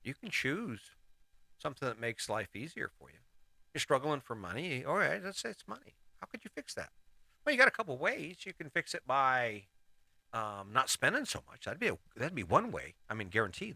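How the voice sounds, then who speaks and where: A man's voice: medium pitch, sing-song, fairly quick, gravelly, pushed and bright, husky, no echo. A middle-aged man hosting a casual motivational monologue, rambling and restarting his sentences as he gives life advice. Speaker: host.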